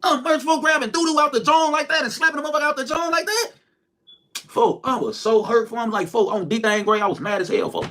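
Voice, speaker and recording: Streamer, young man: rapid, lively delivery, animated, crude storytelling. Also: extremely high pitch. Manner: animated and profane, saying "folks" constantly. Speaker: livestreamer. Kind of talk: storytelling and joking on a live stream.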